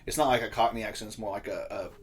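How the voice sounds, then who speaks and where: A man's voice: lowish voice, steady tone, fast talker, breathy edge. A young man co-hosting a podcast, chatting casually in a rambling, jokey, profane way and laughing often. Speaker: podcast co-host. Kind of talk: casual chat.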